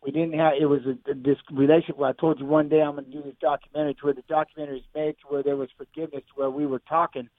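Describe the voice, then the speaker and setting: A man tells a heavy personal story as a guest on a radio show, talking fast and circling back over his own words. He is a bit high-pitched for a man and sounds like he is calling in over a thin, tinny phone line. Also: flat delivery, no room sound. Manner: rambling, repeats himself, emotional. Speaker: guest fighter.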